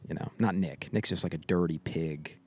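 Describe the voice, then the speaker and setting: A man's voice: low voice, moderate pace, a little hiss or hum. A man co-hosting a podcast, chatting casually in a backyard into a handheld microphone, rambling with laughs and swearing. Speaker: podcast co-host.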